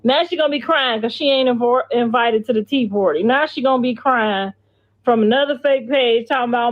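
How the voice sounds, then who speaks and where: Brief: middle-aged woman, gossip stream host, sassy and cursing, higher pitch, muffled lo-fi audio. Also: a little fast. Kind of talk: casual gossip livestream.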